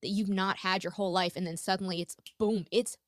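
A woman hosting a podcast in casual conversation, animated and blunt, swearing freely as she talks. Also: mid-range voice, brisk, dry recording, studio quality. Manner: animated, swears freely, jumps between thoughts. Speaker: podcast host.

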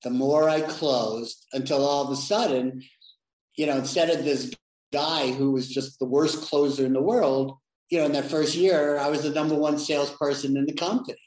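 A man's voice: fairly high pitch, fairly even intonation, normal speed, a little mellow. A man being interviewed, talking reflectively with many restarts. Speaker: interview guest, sales leader. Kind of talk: conversational interview. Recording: echoey room.

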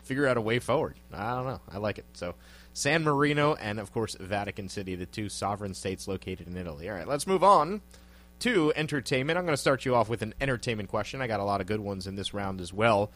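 Male podcast co-host, low voice, chatty and laughing, easygoing trivia banter. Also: quick pace. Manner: laughs often, animated, loose and joking. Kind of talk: casual podcast chat.

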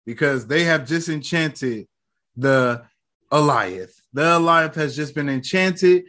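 A man's voice: a little high, takes it slowly. A young man co-hosting a casual podcast, recapping a show with slang and frequent laughter. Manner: animated, laughs often, slangy. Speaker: podcast co-host.

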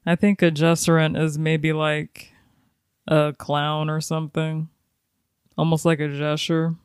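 A woman's voice: sits low, little pitch movement, measured pace, smooth, dry recording, studio quality. A woman co-hosting a podcast with her sisters, reading out words and definitions in a matter-of-fact way. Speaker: podcast co-host. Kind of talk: casual chat.

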